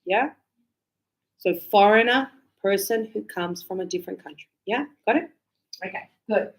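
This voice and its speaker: A woman's voice: mid-range voice, normal speed. A woman English teacher explaining casually to her class and acting out little quoted exchanges. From Australia. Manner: animated, acts out short quoted exchanges.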